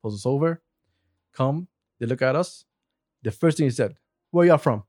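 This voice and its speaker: A man in his forties from Saudi Arabia telling a story in casual chat, animated, laughing often and swearing freely. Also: medium pitch, normal speed, dry recording, clean studio sound. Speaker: guest.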